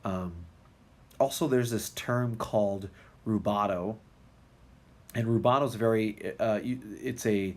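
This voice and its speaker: Guy teaching music theory in a video lecture, lowish voice, lots of ums. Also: unhurried, long pauses. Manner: casual, many ums and restarts. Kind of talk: recorded lecture walkthrough.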